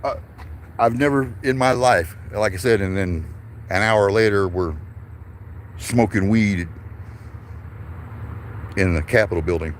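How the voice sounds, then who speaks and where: A man's voice: fairly low pitch, unhurried, pauses often, a little hiss or hum. A man telling a long casual story, rambling and profane, chuckling between lines. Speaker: vlogger.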